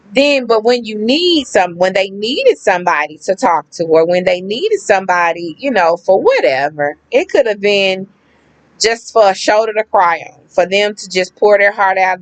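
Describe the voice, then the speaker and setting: Woman, casual vlog storytelling, animated, slangy, emphatic repeats, dry close sound. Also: mid-range voice, dry recording, low-quality recording. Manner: animated, acts out quoted people, emphatic repetition; slangy, conversational. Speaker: vlogger.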